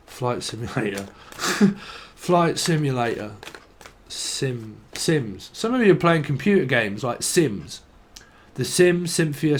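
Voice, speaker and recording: A man giving a tarot reading, rambling stream-of-consciousness style, swearing freely and laughing at himself. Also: medium pitch. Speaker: tarot reader.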